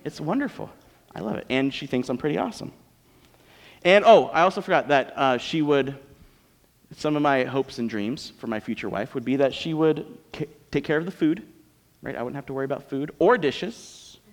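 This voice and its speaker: With a mid-range voice at a normal speed, this American man preaches as a pastor, chatting and joking with his congregation. The church auditorium setting gives the audio a long, echoing reverb.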